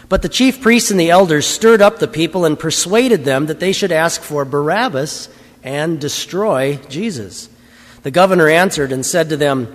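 Man reading scripture in a church, fairly high voice, measured and formal, long reverb. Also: expressive. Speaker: scripture reader.

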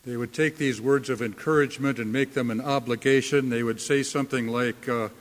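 A man preaching a sermon as a pastor, slow and deliberate, leaning hard on key words. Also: medium pitch, fairly even intonation, long reverb tail.

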